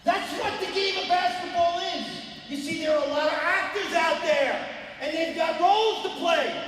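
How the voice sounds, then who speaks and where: An older man coaches a clinic crowd with a strikingly high voice, animated and emphatic, rising into shouts. His voice rings through a large, echoing gym hall. A faint ambience hums behind him. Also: normal speed, a little hiss or hum. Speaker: basketball coach. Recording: echoey hall, distant mic, faint ambience.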